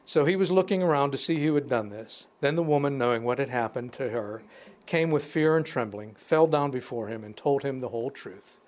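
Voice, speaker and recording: Male Bible teacher, mid-range pitch, reads verses and comments loosely, conversational. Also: a little mellow. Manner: conversational, pauses to comment between verses, restarts phrases. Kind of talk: informal Bible study talk with scripture reading.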